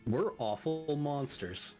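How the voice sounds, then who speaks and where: Streamer co-host, animated delivery, faint music under the voice. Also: medium pitch, slow pace. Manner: animated, stumbles over names. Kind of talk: casual chat reading subscriber thanks.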